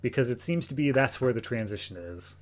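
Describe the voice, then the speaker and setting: A man from the United States co-hosting a casual film review podcast in a relaxed, easygoing way. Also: mid-range voice, brisk. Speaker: podcast co-host.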